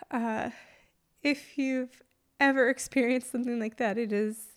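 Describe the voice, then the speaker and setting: A young mother recounts a personal story in a slightly high voice. She speaks in an emotional, halting way, with restarts and fillers between her phrases. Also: steady tone.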